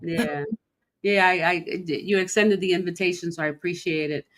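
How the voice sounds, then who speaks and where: A woman's voice: on the low side, steady tone, normal speed, a bit bright, slight background noise. A middle-aged woman hosting a live interview, gushing with enthusiasm and laughing a lot. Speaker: interview host.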